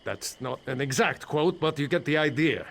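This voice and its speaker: A man's voice: fairly high pitch, animated, moderate pace, vocal fry, a bit bright, exaggerated voice. An actor playing an anxious male mine foreman in a video game, rambling nervously with dry humor about his trapped crew.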